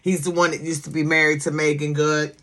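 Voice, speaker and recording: This TV series reviewer has a low voice with little pitch movement and talks fairly quickly. Her commentary is casual, sassy and emphatic; she repeats words to stress them and keeps asking "okay?" to bring the listener along.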